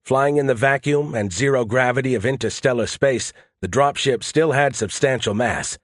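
A man's voice: medium pitch, moderate pace, no room sound. A man narrating a first-person audiobook in a dry, wry, matter-of-fact way.

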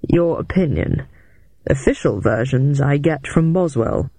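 A narrator voicing a calm, guarded middle-aged male agent who speaks slowly and quietly. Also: a little high, no echo. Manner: slow, hushed, measured.

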